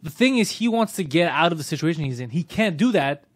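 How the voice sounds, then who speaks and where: A man's voice: fairly high pitch, lively intonation, fast, no echo. A man co-hosting a casual chat, throwing in teasing wisecracks.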